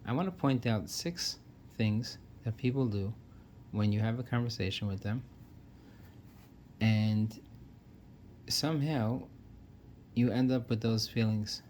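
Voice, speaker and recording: A man's voice: on the low side, measured pace, long pauses, a little mellow, a little hiss or hum. A man giving an earnest, casual talk that lists points one by one, with frequent restarts. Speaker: self-help speaker. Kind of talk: casual explanatory monologue.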